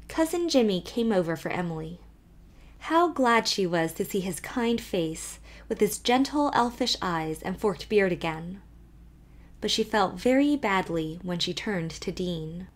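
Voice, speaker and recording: Female audiobook narrator, steady expressive reading, middle pitch. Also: a little slow. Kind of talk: scripted narration.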